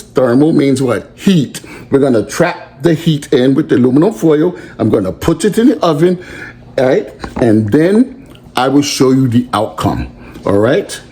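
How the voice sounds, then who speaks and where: A man with a slightly high, warm voice hosts and teaches on a playful home cooking show from his kitchen, speaking in a silly, sing-song way.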